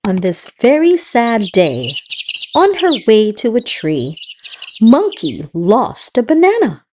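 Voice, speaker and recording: Slow sing-song woman reading to kids. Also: fairly high pitch, wildly swooping pitch, a little mellow, slight background noise. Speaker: children's book reader and host. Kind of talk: read-aloud storytelling for kids.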